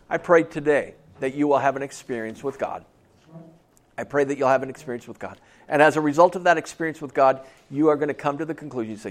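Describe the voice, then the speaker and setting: A man preaching a sermon as a pastor. He talks in a conversational way and acts out the people he quotes in a lower, quieter voice. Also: a little fast.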